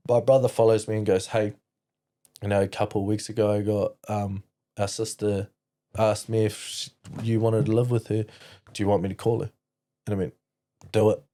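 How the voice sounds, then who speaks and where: A New man talking as a podcast guest, his voice low and warm. He rambles through a personal story, candid, with plenty of fillers and casual swearing. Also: little pitch movement, fairly quick. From New Zealand.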